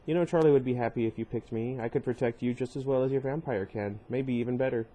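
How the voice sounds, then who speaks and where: A man's voice: medium pitch, fast talker, warm tone, natural voice, rough recording. A man reading a cocky, pushy teenage boy. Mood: earnest. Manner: insistent, cocky, earnest.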